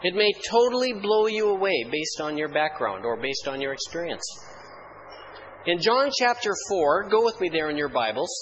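A man's voice: fairly high pitch, very animated, moderate pace, fairly bright tone, muffled recording, slight background noise. A man preaching a sermon, telling humorous church stories with dry wit before turning to scripture. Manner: dry storytelling humor, mock-solemn archaic hymn recitation. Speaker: pastor.

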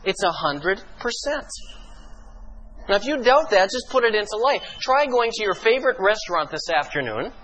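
A man preaching a sermon as pastor, emphatic and full of rhetorical questions, slowing down for dramatic pauses. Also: high voice, very animated, fairly bright tone, slight background noise, poor audio.

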